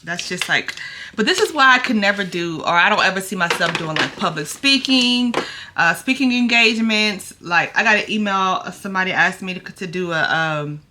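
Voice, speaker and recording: A woman's voice: medium pitch, lively intonation, normal speed, pushed and bright, slight background noise. A woman in her thirties chatting casually to camera while getting ready, nervous and acting out both sides of a dialogue. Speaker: vlogger. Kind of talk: casual get-ready-with-me chat.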